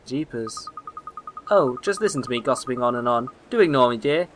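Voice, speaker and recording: A man's voice: mid-range voice, expressive, fairly quick, noisy background, lightly acted. A man voicing a chatty, fussing old woman neighbour who loves to gossip, with game music behind. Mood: gossipy.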